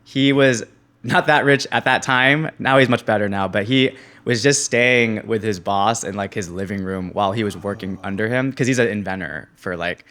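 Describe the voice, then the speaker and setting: A young man in his twenties, a podcast guest, telling his story in a casual, animated way, laughing often and acting out other people's lines. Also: on the low side, normal speed. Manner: animated, laughs often, acts out quoted voices.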